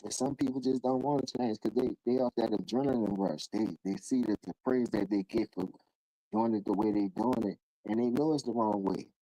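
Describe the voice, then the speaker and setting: A man hosting a live call-in stream, ranting in casual, profane street talk and jumping into high-pitched voices when he quotes people. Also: moderate pace, no echo, poor audio. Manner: animated, profane, acts out quoted voices in sudden high bursts. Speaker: livestream host.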